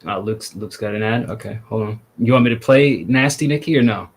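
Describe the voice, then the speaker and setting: A man hosting a music review stream, chatting casually and teasing his guest while stalling with repeated pauses. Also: on the low side, slightly rough. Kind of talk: casual chat.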